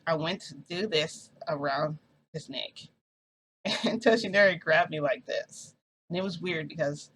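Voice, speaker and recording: A woman's voice: low voice, a little hiss or hum, low-quality recording. A woman vlogger telling a long story in a casual, rambling way, swearing and acting out what people said.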